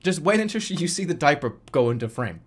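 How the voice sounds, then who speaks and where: Excitable male streamer in his thirties, higher voice with wild swings, jokey delivery. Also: fast talker, husky. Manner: excitable, joking, swings from mumbling to shouting. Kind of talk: casual gaming stream commentary.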